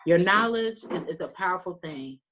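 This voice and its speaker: A woman's voice: lowish voice, lively intonation, normal speed, a bit bright, a little hiss or hum. A talkative, earnest woman giving folksy closing remarks as a panelist on a video call. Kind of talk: round-table closing remarks. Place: virtual meeting.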